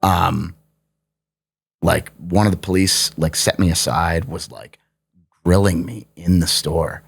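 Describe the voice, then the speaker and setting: A man's voice: sits low, steady tone, slow, creaky, husky. Laughing, cursing man telling stories. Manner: profane, laughing anecdote telling. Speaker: podcast guest. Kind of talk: casual chat, storytelling.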